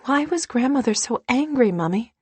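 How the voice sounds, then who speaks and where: A woman's voice: on the high side, lively intonation, normal speed, a little mellow, husky, dry recording, pitched above the performer's own voice. A woman voicing a spirited young girl who speaks in an earnest, indignant way. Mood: pleading.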